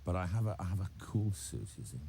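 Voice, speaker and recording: A man's voice: low-pitched, sing-song, quick pace, gravelly, warm tone, slightly rough. A man telling wry anecdotes in an interview. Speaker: actor interviewee. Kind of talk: casual interview chat.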